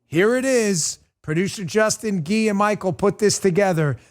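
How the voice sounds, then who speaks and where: Combative high-pitched male talk host. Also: moderate pace. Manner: combative, mocking, emphatic. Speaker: political talk show host. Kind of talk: political commentary monologue.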